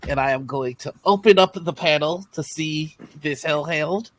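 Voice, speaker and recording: A man's voice: a little high, normal speed. A man playing a tabletop game who talks in a genteel, drawling, slightly prim way. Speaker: player. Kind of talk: in-character tabletop play.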